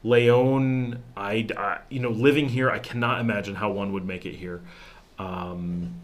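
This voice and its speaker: A middle-aged man hosting a casual live Q&A from home, telling stories in an animated, rambling way, with many restarts and acted-out quotes. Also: fairly low pitch, a little slow. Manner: animated, acts out quotes in changed voices, restarts often. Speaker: livestream host answering viewer questions. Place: home in a town abroad.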